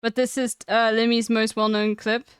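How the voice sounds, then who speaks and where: A young woman streamer chatting casually and excitedly as she reacts to clips, laughing often and swearing. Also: on the high side, normal speed, clean tone, no room sound.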